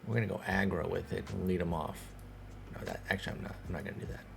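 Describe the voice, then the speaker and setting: Gravelly man musing over a sports game. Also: sits low, fairly even intonation, fast talker, noisy background. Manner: thinking aloud, talking to himself and the players. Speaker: gaming streamer. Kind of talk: casual let's-play commentary.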